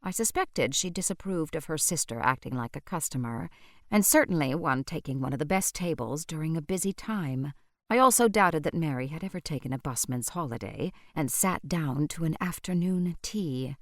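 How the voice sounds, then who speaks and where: A woman narrating an audiobook in a measured storytelling manner. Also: sits low, expressive, dry recording, clean studio sound.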